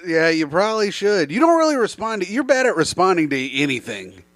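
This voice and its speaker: A man's voice: high-pitched, big pitch swings, a little fast, fairly bright tone, no room sound. A man co-hosting a podcast, mocking his co-host with crude jokes and laughing at them himself. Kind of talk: casual crude banter.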